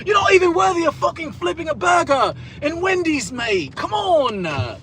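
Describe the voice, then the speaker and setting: A man voicing a scornful male restaurant coworker who yells mocking insults. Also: very high voice, big pitch swings, normal speed, pitched above the performer's own voice, exaggerated voice. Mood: contemptuous yelling.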